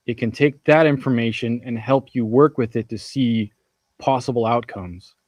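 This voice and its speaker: A man in a casual talk who muses over his concerns and often restarts his sentences. His voice is at a middle pitch and sounds dry and close to the mic. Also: darkish tone, dry recording. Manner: reflective, hesitant, restarts sentences. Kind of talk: casual discussion.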